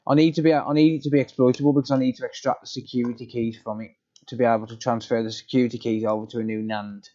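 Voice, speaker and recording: A man talks quickly in a warm, mid-range voice with little pitch movement while running a casual live repair stream. He answers viewers and walks through steps plainly, saying um often, and the audio is dull.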